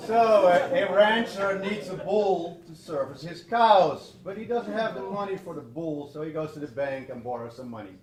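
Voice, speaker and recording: A man telling a long joke on a community theater stage, unhurried and dropping into character voices. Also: sits high, distant mic, a crowd in the background. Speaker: joke teller. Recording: echoey theater.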